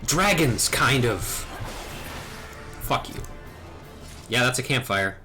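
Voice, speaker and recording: A man's voice: mid-range voice, lively intonation, takes it slowly, over music. A man streaming a game, chatting casually with self-mocking, rambling asides. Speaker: streamer reading a game aloud. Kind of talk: casual gaming stream chat.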